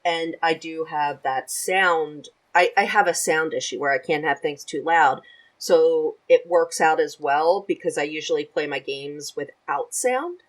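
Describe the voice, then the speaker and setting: A chatty woman with a notably low voice talks casually as a podcast guest. She is animated and laughs easily as she goes. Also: unhurried, rough recording. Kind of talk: casual chat.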